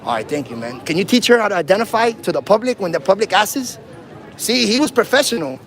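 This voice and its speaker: A man's voice: high-pitched, very animated, fast, a bit bright, a faint crowd. Taunting slangy man filming outdoors. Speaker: first amendment auditor. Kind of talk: livestreamed street confrontation.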